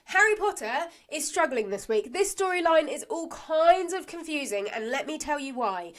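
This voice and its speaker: A woman's voice: high-pitched, expressive, moderate pace, hardly any pauses, fairly bright tone, faint music behind. A woman co-hosting a podcast, chatting casually as she recaps a soap, laughing often and acting out characters' lines. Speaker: podcast co-host.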